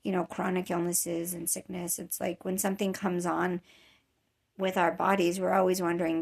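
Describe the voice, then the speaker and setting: This vlogger's voice is on the low side, creaky and darkish, with a level tone and moderate pace. A woman in her thirties, she opens up in a casual personal vlog, rambling with many fillers and false starts, exhausted by chronic nausea.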